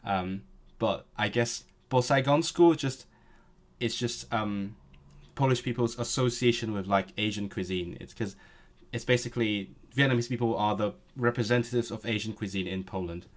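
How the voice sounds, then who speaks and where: A man's voice: lowish voice, moderate pace. A young man hosting a casual live stream, talking at a desk mic with many fillers and restarts. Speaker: language streamer.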